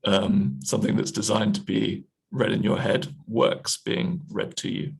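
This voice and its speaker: A man's voice: fairly low pitch, level tone, measured pace, creaky, breathy edge, low-quality recording. A man, a newspaper editor, talking in a video call discussion, hesitant with many fillers and restarts.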